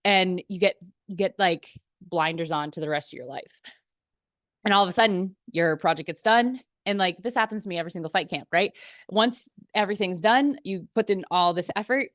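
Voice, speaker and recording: Woman, young adult, fitness coach, casual to-camera talk, lowish voice, chatty with lots of "like", dry close sound. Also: fairly bright tone, dry recording. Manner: chatty, peppered with "like" and "right?", breaks into laughs; acts out her own inner voice in quick asides.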